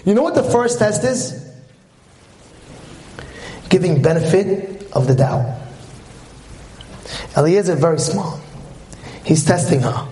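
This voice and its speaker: A man giving an animated lecture on marriage as a religious teacher, telling stories and asking rhetorical questions. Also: a little high, a little hiss or hum.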